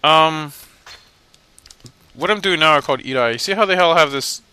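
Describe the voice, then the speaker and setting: A man's voice: fairly high pitch, normal speed, pushed and bright, clear, resonant tone. A young man hosting a let's play, giving casual, rambling gameplay commentary in a joking, self-mocking way.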